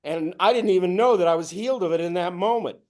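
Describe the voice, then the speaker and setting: A man's voice: fast, a little mellow. Man giving a reflective spiritual talk. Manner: acts out his own inner voices, rising to a strained high pitch. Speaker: spiritual teacher.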